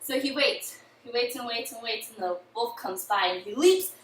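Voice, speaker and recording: A young woman retelling a folk tale in a chatty, lively way, in an echoey room with the mic far off. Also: fairly high pitch, normal speed, noisy background. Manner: lively, chatty, uses "he's like". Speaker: student storyteller. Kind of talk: casual oral storytelling.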